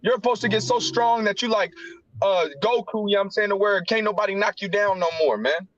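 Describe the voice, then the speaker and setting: High-voiced, impassioned man in Bible study. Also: fast, a bit bright, no echo, highs cut off. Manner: impassioned, emotional, slangy. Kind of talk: casual scripture discussion on a livestream.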